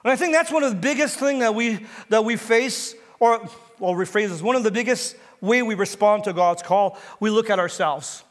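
A long reverb tail trails the high voice of a male pastor preaching at a moderate pace in a church sanctuary. He retells a story, poses questions to his congregation, and rises toward fervent exhortation.

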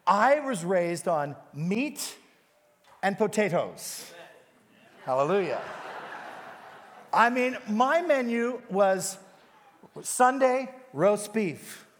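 Male pastor, high voice, energetic sermon, talks straight to the congregation, church with a long echo. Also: extremely slow. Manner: energetic preaching, addressing the congregation directly. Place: large church with a balcony. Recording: reverberant church hall.

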